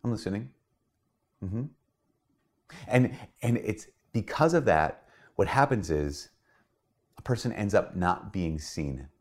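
A man, a priest, giving a casual teaching talk in a conversational, animated way. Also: sits low, measured pace. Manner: conversational, animated, acts out quoted voices. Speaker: Catholic priest.

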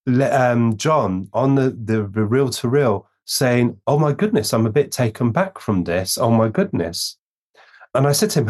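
A man telling a long personal story in an interview, taking his time and lifting his voice to act out the people he quotes. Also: medium pitch. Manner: slow, unhurried storytelling, acting out quoted voices. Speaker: guest medium telling a story.

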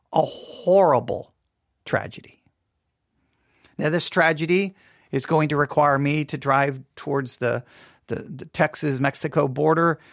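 A pastor speaks in an earnest, halting way, circling back and repeating words as he gathers his thoughts. His voice sits a little high for a man, with a gravelly fry running through it. The recording is close and dry, with almost no room sound. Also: a bit bright, dry recording. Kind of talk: personal podcast monologue.

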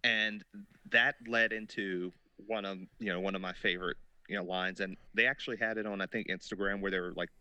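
Podcast co-host, male, lowish bright voice, dry sound, emphatic chat. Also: steady tone, fairly quick, clean tone, no echo. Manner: emphatic, lots of "you know". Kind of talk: casual chat.

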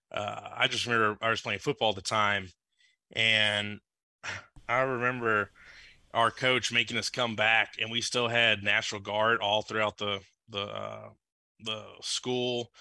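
A man's voice: on the low side, little pitch movement, moderate pace, pushed and bright, no room sound. A man from Louisiana chatting as a podcast guest, rambling through a story and acting out the scene in raised voices. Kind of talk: casual chat, storytelling.

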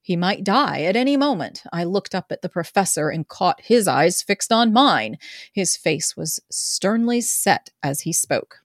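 A woman narrating a novel in a casual amateur group reading, expressive and playful. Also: fairly low pitch, a little slow, dry recording, clean studio sound.

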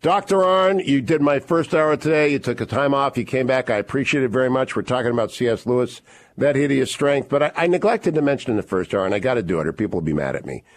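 A man hosting a radio talk show, energetic and promotional, rattling off plugs and quick asides. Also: mid-range voice.

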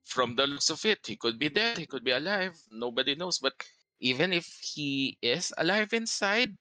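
A man narrating as game master of a tabletop game, halting and full of fillers. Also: a little high, animated, sharp tone, no room sound, rough recording. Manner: halting, hesitant with many fillers.

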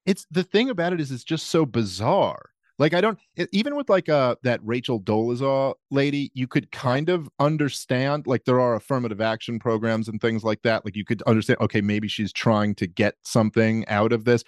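Wry, deadpan man on a podcast. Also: mid-range voice, brisk, few pauses, no echo, studio quality. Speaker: podcast guest, comedian. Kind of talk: casual conversation.

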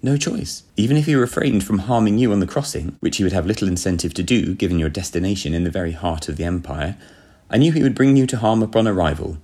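A man voicing a breezy, coolly unbothered young gentleman spy with an airy, genteel, offhand manner. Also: sits low, fast talker, breathy edge.

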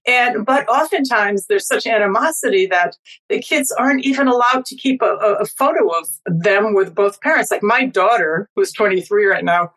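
A woman's voice: mid-range voice, fairly bright tone, low-quality recording. A middle-aged woman speaking as a documentary filmmaker guest, earnest and reflective, with occasional restarts. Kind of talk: interview conversation.

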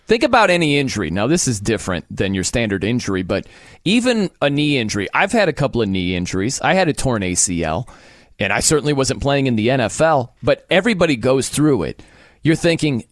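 A man's voice: medium pitch, no echo. A man co-hosting a sports radio show, chatting casually, joking and laughing often into a studio mic.

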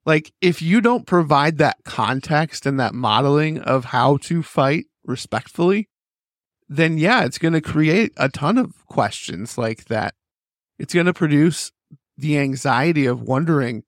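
Fairly high-voiced, encouraging male co-host. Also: animated, measured pace, no echo, clean studio sound. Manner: affirming, encouraging listener who chimes in. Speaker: podcast co-host. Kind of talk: casual conversational podcast chat.

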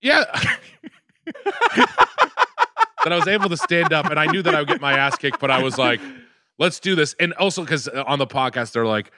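A man co-hosting a podcast, talking in a brash, joking and excitable way. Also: medium pitch, a little fast, long pauses, dry recording, clean studio sound. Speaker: podcast co-host. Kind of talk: casual chat.

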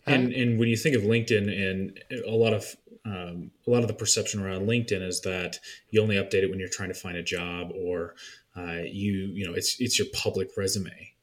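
Male podcast guest, lower register, candid, easygoing delivery with fillers. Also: a little fast. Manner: relaxed, candid, frequent fillers. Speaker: podcast guest, marketing consultant. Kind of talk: casual podcast conversation.

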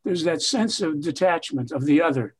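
An older man, a veteran TV writer, telling stories in an interview with expansive, emphatic, drawn-out phrasing. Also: a little high, animated. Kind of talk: reflective interview storytelling.

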